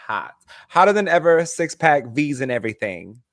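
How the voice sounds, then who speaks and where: A man co-hosting a podcast, chatting casually in an animated way with quick asides. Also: fairly high pitch, dry recording. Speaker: podcast co-host. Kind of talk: casual chat.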